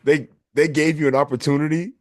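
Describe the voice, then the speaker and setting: A man's voice: a little high, little pitch movement, a little fast. A man co-hosting a podcast in casual chat, teasing his co-host and laughing often.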